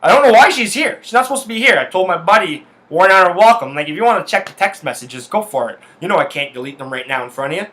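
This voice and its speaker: A man's voice: high voice, animated, fast, few pauses, a bit bright. Fired-up man ranting. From Canada. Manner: heated, profane, swears constantly. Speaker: podcast host. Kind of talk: solo podcast rant. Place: his house.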